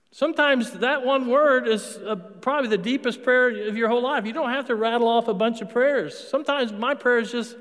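This Catholic priest's high, fairly bright voice moves a little fast with few pauses as he preaches. He keeps his sermon conversational, asking questions of the congregation and answering them himself, while a long, large-church reverb rings around him.

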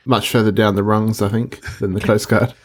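A man co-hosting a podcast, asking deadpan follow-up questions in casual chat. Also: on the low side, normal speed, slightly rough. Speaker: podcast co-host.

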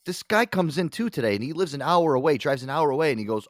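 A man's voice: a little high, expressive, fast, no echo, studio quality. A middle-aged man co-hosting a casual podcast, telling a workplace story full of profanity and acted-out quotes. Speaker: co-host.

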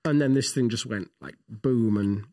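A man, co-hosting a casual theology podcast and telling rambling, animated stories full of restarts. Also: lowish voice, moderate pace. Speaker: podcast co-host, pastor.

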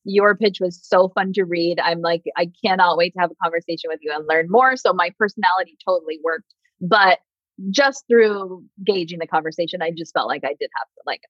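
A woman's voice: lowish voice, brisk, no room sound, highs cut off. A woman talking as a podcast guest and PR coach, casual and sarcastic, acting out quotes in other voices. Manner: animated, sarcastic, acts out quotes.

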